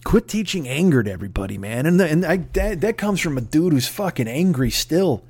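A man's voice: fairly high pitch, big pitch swings, brisk, a little mellow, breathy edge. A man hosting a podcast, delivering a profane, digressive comedic rant. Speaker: podcast host.

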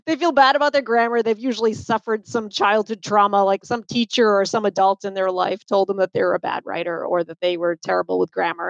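A woman's voice: mid-range voice, creaky, no room sound, highs cut off. A woman author with a faint Boston accent, talking animatedly with lots of fillers in a podcast interview. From Boston area. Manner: animated, chatty, many fillers. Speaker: author and guest.

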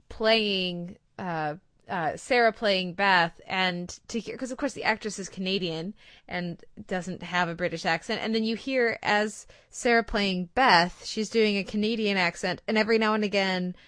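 An enthusiastic woman praising a TV performance in a casual review chat, her voice recorded dry and close. She pauses and restarts as she searches for the right words. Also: mid-range voice, a bit bright, no room sound. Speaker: podcast co-host.

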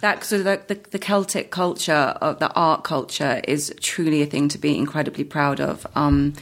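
Woman guest on a podcast, low-ish gravelly voice, chatty, laughs a lot, trails off and restarts. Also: fairly even intonation, moderate pace. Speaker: actress guest. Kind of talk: casual interview chat.

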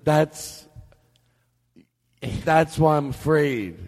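A man hosting a comedy podcast, rambling excitedly and cracking himself up. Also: fairly high pitch, extremely slow, no echo. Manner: rambling, animated, breaks into laughter. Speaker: podcast host. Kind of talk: casual comedy chat.

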